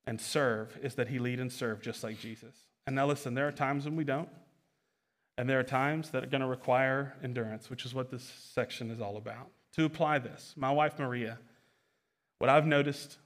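A young male pastor delivering a sermon with a fairly high voice. He presses his points with repeated phrases and quick restarts, building emphasis as he goes. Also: fairly bright tone.

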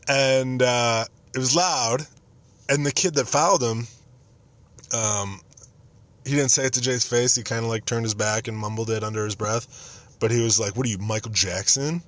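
A man's voice: medium pitch, steady tone, moderate pace, pauses often. A young man hosting a podcast, telling casual stories about a friend with self-mocking jokes. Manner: self-mocking, joking, nostalgic. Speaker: podcast host. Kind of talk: casual storytelling monologue.

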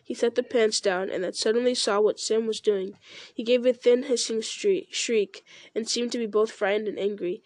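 A woman reads a novel aloud in a steady, measured way. Her voice sits a little high, and the recording is dry and close. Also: no echo. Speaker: reader.

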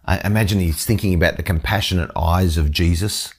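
A man's voice: deep voice, fairly quick, husky. A man reading a scripture passage and then explaining it in an earnest teaching style, often restarting his sentences. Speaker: Bible teacher.

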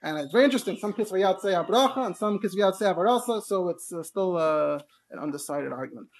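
Male Torah teacher. Talks fast and explains things with lots of asides. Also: high voice, lively intonation, slight background noise. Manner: rapid, explanatory, full of fillers and asides. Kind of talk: Torah class on Hebrew pronunciation.

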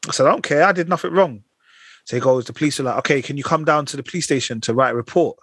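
A man's voice: on the high side, very fast, breathy edge, dry recording. A young man telling a long, slang-heavy story on a podcast, acting out every quoted line. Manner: animated anecdotes full of slang and acted-out quotes. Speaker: podcast co-host. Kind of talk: casual chat, storytelling.

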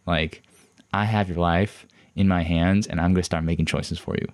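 A man voicing a quick-tempered male high school counselor who lectures and scolds a student. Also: fairly even intonation, darkish tone, dry recording. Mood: bossy.

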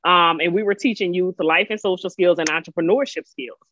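A woman's voice: fairly low pitch, a little fast, a bit bright, muffled recording, slight background noise. A woman from Louisiana with a Louisiana accent, telling her story as a podcast guest in a folksy, laughing way. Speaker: guest, business owner. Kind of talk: casual interview chat.

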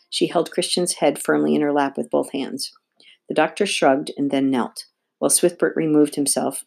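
A woman reading a children's novel aloud with steady, expressive narration. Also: deep voice, normal speed, creaky. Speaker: audiobook reader. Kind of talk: read-aloud storybook narration.

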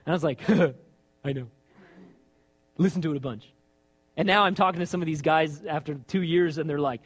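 A man's voice: fairly high pitch, moderate pace, pauses often. A man preaching a sermon in a conversational way, asking rhetorical questions and acting out lines of dialogue. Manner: animated, acts out his own and God's lines.

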